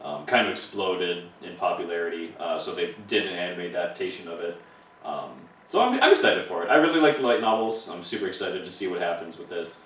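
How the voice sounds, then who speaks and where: A man's voice: low-pitched, animated, brisk, fairly bright tone, a little hiss or hum. A man co-hosting a podcast in casual chat, joking, swearing freely and often laughing. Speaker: podcast co-host. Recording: echoey room, far from the mic.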